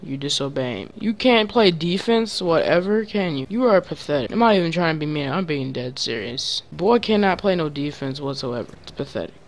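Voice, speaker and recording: A man giving excitable gaming commentary, trash-talking his teammates with sudden loud yelps. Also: a little high, moderate pace, few pauses. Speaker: gaming channel host.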